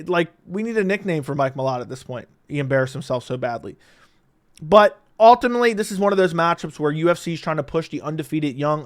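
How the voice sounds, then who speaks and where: Laughing, blunt man with a smooth voice. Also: a little high. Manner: blunt, profane, laughs often, animated swings in loudness. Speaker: MMA predictions commentator. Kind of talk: casual fight predictions monologue.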